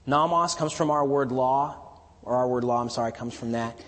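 A man preaching an expository sermon, teaching verse by verse and swelling into emphatic declarations before dropping quiet again. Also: mid-range voice, normal speed. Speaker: pastor. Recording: long hall reverb.

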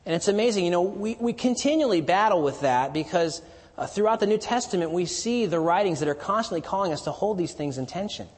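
A man with a somewhat high, husky voice preaches verse by verse, building to ringing emphatic declarations and then sinking low. His voice carries a long reverb, as if he is speaking in a large hall. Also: animated, quick pace, a little mellow. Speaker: pastor. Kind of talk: expository sermon.

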